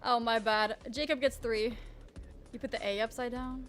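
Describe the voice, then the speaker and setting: A woman's voice: fairly high pitch, fairly even intonation, normal speed, faint music behind. A woman streamer chatting casually while she draws, self-mocking and full of trailing restarts. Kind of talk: casual live-stream chat while drawing.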